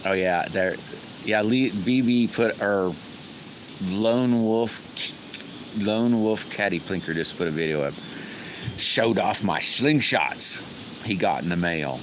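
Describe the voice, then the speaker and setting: A man's voice: fairly low pitch, takes it slowly, pauses often, background noise. A middle-aged man hosting a casual live stream, rambling in a folksy way and greeting viewers by name. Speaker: livestream host.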